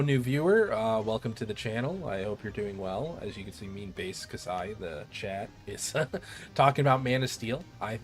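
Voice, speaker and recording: A man streaming a game, chatting casually in an excitable, rambling way and swearing freely. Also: fairly low pitch. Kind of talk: casual chat while gaming.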